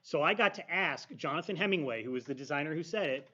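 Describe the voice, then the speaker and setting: Brief: podcaster man, slightly high voice, steady recounting, dull lo-fi sound. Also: quick pace. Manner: steady, detailed anecdote telling. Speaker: podcaster and streamer. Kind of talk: casual panel chat. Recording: dull lo-fi audio.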